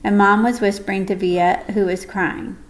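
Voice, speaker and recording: A woman reading a first-person audiobook story in a gentle, measured way. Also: medium pitch, little pitch movement, rough recording. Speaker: audiobook narrator.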